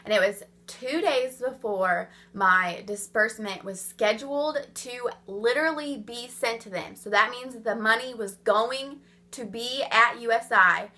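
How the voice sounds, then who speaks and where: A woman's voice: medium pitch, bright, forceful tone. A young woman in her twenties vlogging, ranting in an exasperated, blunt way and swearing freely. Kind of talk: ranting vlog monologue.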